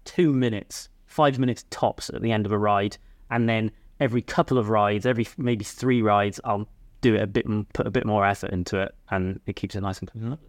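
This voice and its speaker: Young male co-host, lowish voice, dry sound, relaxed explanations with hedges. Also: fairly quick, dry recording. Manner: easygoing, hedging, explains step by step. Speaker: podcast co-host. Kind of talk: casual chat.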